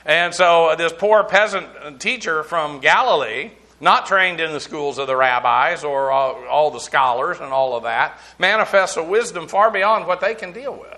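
In a conversational teaching style, a man works through the Bible verse by verse, explaining Greek terms, spelling them out letter by letter, and using frequent fillers. His voice is bright and a little high for a man. He speaks at a moderate pace with lively intonation and few pauses.

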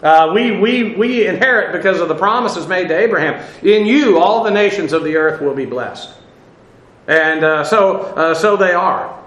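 A man's voice: high voice, moderate pace, fairly bright tone, echoey room, poor audio. A man teaching a Bible lesson as a sermon, talking in a loose conversational way with fillers and small laughs.

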